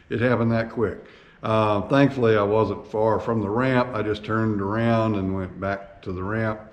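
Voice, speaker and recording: A man hosting his own flying vlog, telling a travel story in a casual, animated way with plenty of fillers and restarts. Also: mid-range voice. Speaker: vlog host and private pilot.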